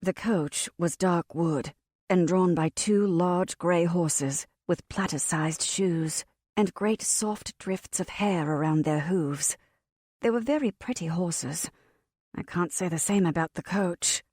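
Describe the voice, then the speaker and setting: A woman's voice: lowish voice, takes it slowly, no room sound, studio quality. Wry woman narrating a cozy fantasy audiobook. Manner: wry, expressive storytelling. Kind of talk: first-person audiobook narration.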